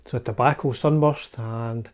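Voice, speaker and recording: Speaking at normal speed with medium pitch and fairly even intonation, a Scottish channel host walks through his guitar collection. The vlog is a casual show-and-tell, chatty and wry, and he often hedges his facts.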